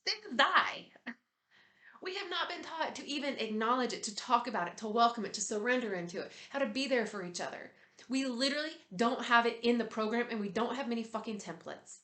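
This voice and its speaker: A woman's voice: on the high side, reverberant. Blunt, swearing spiritual guide woman. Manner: blunt, swears freely, animated. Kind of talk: casual spiritual talk.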